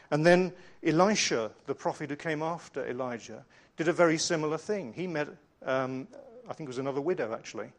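Preacher: middle-aged man, a touch high-pitched, earnest storytelling sermon. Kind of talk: sermon with slides.

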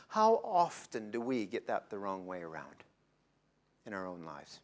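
A man's voice: mid-range voice, sing-song, normal speed. Dramatic male preacher, wide-ranging voice. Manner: dramatic, swings from loud emphasis to hushed near-whispers. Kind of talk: sermon.

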